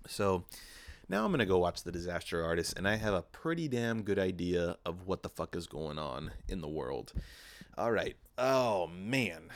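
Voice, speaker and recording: Young guy doing a solo podcast rant, deep voice, swears a lot, dry close mic. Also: moderate pace, vocal fry, no room sound. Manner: profane, animated storytelling with mock quotes. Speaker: podcast host. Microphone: podcast microphone.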